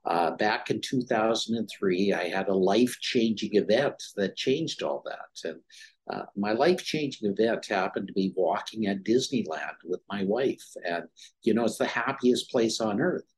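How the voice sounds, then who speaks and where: A man's voice: on the low side, lively intonation, moderate pace, slightly rough. A middle-aged man, a former dermatologist, telling his story as an interview guest and acting out the dialogue in it. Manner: anecdotal, acts out quoted dialogue.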